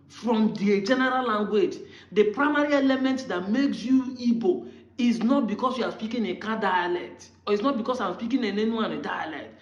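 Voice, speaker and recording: Man, Nigerian accent, impassioned commentary, rhetorical questions, muffled lo-fi sound. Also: high voice. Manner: argumentative, fires rhetorical questions at critics. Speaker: political commentator. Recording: roomy, dull lo-fi recording.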